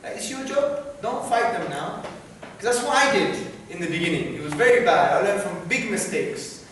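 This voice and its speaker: A man answering student questions in a university lecture hall, animated and often checking in with "yeah?". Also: high voice, moderate pace. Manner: animated, repeats "yeah?" to the audience. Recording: very echoey hall, noisy, from far off.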